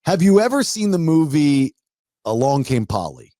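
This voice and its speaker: A man chatting on a podcast, talking with a slightly high pitch and a very lively, animated tone. He tells stories in a rambling way, full of restarts. The room is very dry. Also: normal speed, no room sound. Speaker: podcast host. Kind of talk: casual chat.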